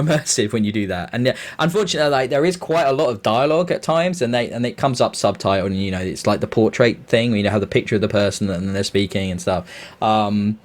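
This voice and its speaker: A man co-hosting a podcast, talking through a game in a loose, rambling way with frequent chuckles. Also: mid-range voice. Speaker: podcast co-host. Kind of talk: casual chat.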